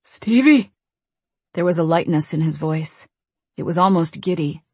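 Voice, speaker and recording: Low husky woman narrating. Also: normal speed, no echo. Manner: tense, steady storytelling. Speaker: audiobook narrator. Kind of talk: scripted narration.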